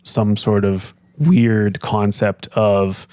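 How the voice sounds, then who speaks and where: A man's voice: lowish voice, flat delivery, drawn-out words, darkish tone, dry recording. A man co-hosting a podcast in casual chat, rambling with lots of fillers. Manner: loose, rambling, filler-heavy. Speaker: podcast co-host.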